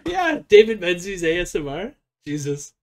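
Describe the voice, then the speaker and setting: A chatty streamer reacting to a clip, rambling along with plenty of fillers. The voice swings lively up and down around a middle pitch. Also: normal speed. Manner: rambling, chatty, laughs often. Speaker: stream host. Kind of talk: casual reaction chat.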